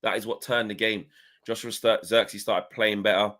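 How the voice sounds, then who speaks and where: A football podcast co-host chats loosely about the game from home over a video call, constantly adding "you know" and "do you know what I mean." His somewhat low, slightly bright voice is flat in delivery and normal in speed.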